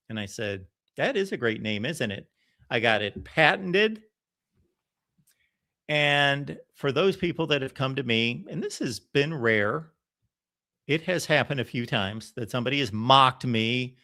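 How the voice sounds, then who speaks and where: A man's voice: medium pitch, unhurried. A man hosting a college football channel, talking in a casual, emphatic live-stream monologue and acting out what others said. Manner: animated, emphatic, quotes others in voices.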